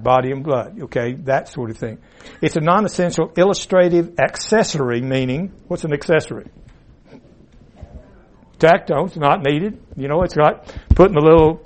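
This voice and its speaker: A man teaching an informal Bible class in a classroom, folksy and rambling with asides and restarts. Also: fairly high pitch. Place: classroom with a board. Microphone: room mic, at times turned away.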